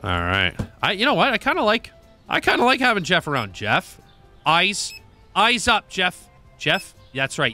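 Lively, bright-voiced man playing a game. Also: fairly high pitch, moderate pace, soft background music. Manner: animated, joking, swears and talks to game characters. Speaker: gaming video creator. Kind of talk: casual gameplay commentary.

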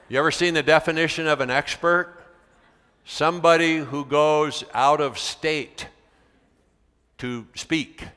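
A man's voice: mid-range voice, clear, resonant tone. A man from the United States, a veteran teacher giving a conference talk, telling a classroom story and acting out the dialogue. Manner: animated storyteller, acts out quoted dialogue. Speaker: keynote speaker, veteran teacher. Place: large convention center hall. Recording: long reverb of a large hall.

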